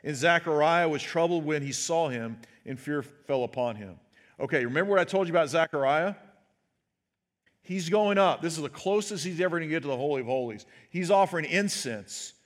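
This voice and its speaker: A man's voice: fairly high pitch, animated, normal speed. A pastor preaching a sermon in a conversational way, asking his listeners "right?" and acting out the quoted words. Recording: long hall reverb.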